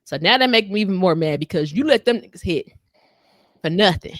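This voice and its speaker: Brief: woman podcast co-host, lower voice, dry close mic, animated gossip recap. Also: fairly quick, no echo. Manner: animated storytelling, acts out voices of people she quotes. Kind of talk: casual chat recapping a reality show.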